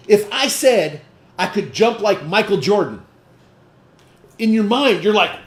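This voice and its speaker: A man leads a training session, pressing his points with rhetorical questions and a steady stream of "okay?" as he checks that his listeners follow. His voice sits a little on the high side. The room around him is echoey and roomy. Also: unhurried, pauses often. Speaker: sales trainer. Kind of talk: training talk to a group.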